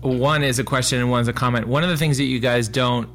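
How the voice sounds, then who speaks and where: Brief: sincere man, medium pitch, measured conversational delivery. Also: fairly even intonation, fairly bright tone, faint music behind. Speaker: interview guest. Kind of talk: casual conversation.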